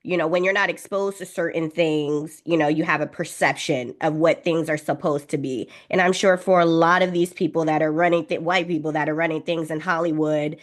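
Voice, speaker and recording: A woman with a low-pitched voice hosts a podcast interview. She asks steady, thoughtful questions and often affirms her guest. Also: a little fast, few pauses. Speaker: podcast host.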